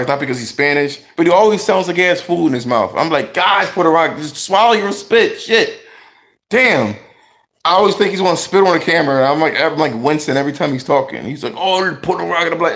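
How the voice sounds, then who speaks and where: A man's voice: medium pitch, a bit bright. A man giving blunt, profane gaming commentary, ranting in a talkative vlog style.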